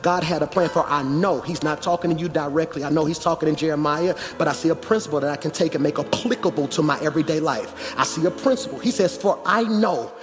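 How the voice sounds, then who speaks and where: A pastor with a high voice rattles through a sermon with hardly any pauses, his speech echoing around a large church hall as music plays. What begins conversationally climbs to shouting.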